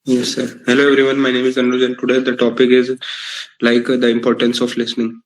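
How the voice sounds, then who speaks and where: Hesitant Indian student, flat voice. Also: male voice, mid-range voice, fast, low-quality recording. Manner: hesitant, many "uh" fillers. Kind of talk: classroom speaking practice.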